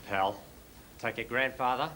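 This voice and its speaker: A man's voice: mid-range voice, measured pace, a little hiss or hum. An actor playing a big, contemptuous male stranger, cold and threatening. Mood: menacing. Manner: cold, threatening, explodes into shouting. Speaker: stranger at the pool table. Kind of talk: film drama acting.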